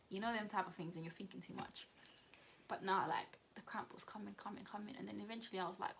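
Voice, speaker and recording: A young woman speaks in a chatty, animated storytime style, full of "like" and "innit" and quick acted-out quotes. Her pitch sits in the middle for a woman. Faint background noise hums behind her. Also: creaky. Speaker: vlogger. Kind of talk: casual storytime chat.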